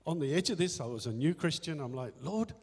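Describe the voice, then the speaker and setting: A church elder speaks during a service in a church hall, candidly sharing a personal faith story with quoted inner dialogue and self-deprecating humor. His voice is a little high and breathy-edged at a quick pace. The recording is echoey with faint music.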